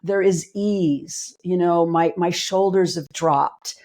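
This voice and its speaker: A woman's voice: fairly low pitch, slow, darkish tone. A woman clinical psychologist and life coach, explaining ideas earnestly in a casual podcast conversation, with emphatic, everyday examples.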